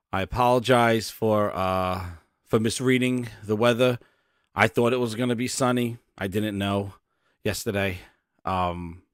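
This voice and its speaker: A sheepish middle-aged exec turned weatherman , put on by a man doing an impression apologizes in a lowered, subdued voice. His delivery halts on ums and uhs. The room is dry and close. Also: no room sound, close to an everyday voice. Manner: halting, full of ums and uhs, contrite. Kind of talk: comedic impression.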